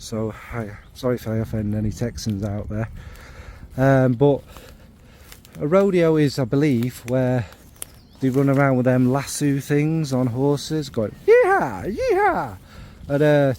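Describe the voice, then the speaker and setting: Man, middle-pitched voice, casual fragrance review, joking, rambling, lots of ums and restarts. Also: a little mellow.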